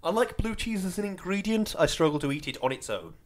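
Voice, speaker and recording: A man's voice: sits high, expressive, fast talker. A man co-hosting a podcast in casual, sweary, rambling chat. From Britain. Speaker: podcast co-host.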